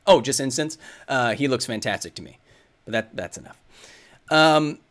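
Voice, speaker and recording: A man's voice: mid-range voice, animated, moderate pace, a bit bright. Rambling male science host. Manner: rambling, thinks aloud with many fillers and restarts. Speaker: science video host answering viewer questions. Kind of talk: casual livestream Q&A.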